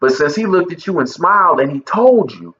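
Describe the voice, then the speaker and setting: Man voicing a calm, patient barber who explains things, echoey room. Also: fairly high pitch, fairly quick, muffled recording, pitched above the performer's own voice. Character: calm adult male barber giving advice.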